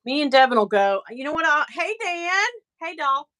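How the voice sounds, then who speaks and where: A woman's voice: high voice, big pitch swings, normal speed, background noise. A middle-aged woman chatting casually on her livestream, rambling and exasperated as she talks to her viewers. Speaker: livestream host.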